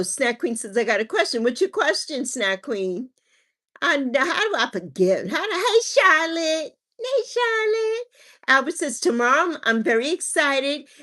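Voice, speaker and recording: In a relaxed livestream chat, a woman with a child reads out viewers' comments and laughs a lot. She speaks with a high-pitched, fairly bright voice.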